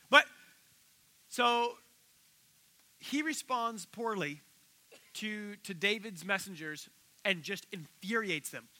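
A man preaching a sermon as pastor, telling stories with animated acted-out voices and leading an altar call. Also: high voice, low-quality recording. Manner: animated storytelling, acting out quoted voices.

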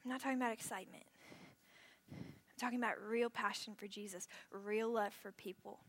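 A young adult woman preaching a youth sermon, lively and casual, shifting from loud storytelling to a hushed, earnest prayer tone. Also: mid-range voice, normal speed. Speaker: youth pastor.

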